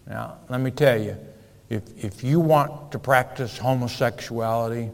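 A man preaching a sermon, reading scripture in old-fashioned wording with emphasis and building to loud warnings. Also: mid-range voice. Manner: slow and deliberate, swells louder on scripture and warnings. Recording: long hall reverb.

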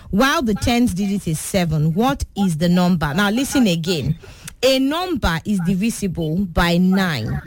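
A woman hosting a children's quiz show on the radio, patient and teacherly, repeating her questions slowly. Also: mid-range voice.

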